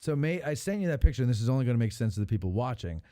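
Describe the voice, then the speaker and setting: A man hosting a casual chat, teasing his guests and laughing often. His pitch swings up and down as he jokes. The sound is dry and close, with no room echo. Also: very animated, rapid-fire, mellow. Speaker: host.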